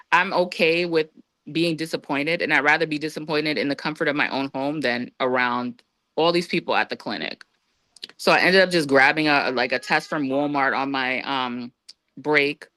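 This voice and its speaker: A woman guest on a podcast, telling a personal story in a casual, lively way and acting out what others said. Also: normal speed, no room sound. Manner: lively, acts out quoted voices with big pitch jumps.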